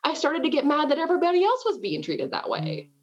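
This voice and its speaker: A woman's voice: sits high, fast talker. Chatty woman on a dull line. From American South. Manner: chatty, animated, self-deprecating with frequent laughs. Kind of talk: casual conversation. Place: at home.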